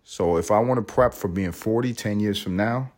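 A man's voice: lowish voice, normal speed. Profane, rambling man in his thirties. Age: 30s. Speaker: podcast host. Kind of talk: casual solo podcast monologue.

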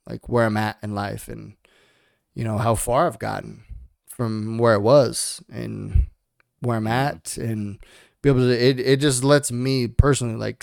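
A man's voice: mid-range voice, vocal fry, darkish tone, no echo, studio quality. A young man co-hosting a podcast, talking frankly and with plenty of swearing as he gives himself and his listeners a motivational push. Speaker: podcast co-host. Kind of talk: casual podcast talk.

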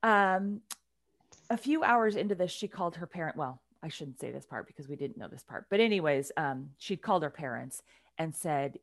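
A woman on a podcast telling a story in a casual, animated way, with her voice swinging from loud to hushed. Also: deep voice, moderate pace, no room sound, studio quality.

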